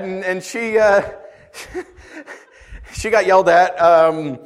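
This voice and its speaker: A man in his thirties, a pastor preaching a sermon, swinging from loud outbursts to quiet asides. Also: sits high, takes it slowly, pauses often.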